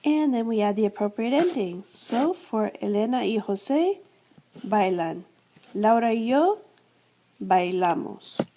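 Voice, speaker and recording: Expressive and unhurried, with a warm tone on the high side, the American Spanish teacher works through a grammar lesson in classroom fashion. She breaks it down step by step, says the verb endings again and again, and answers her own questions.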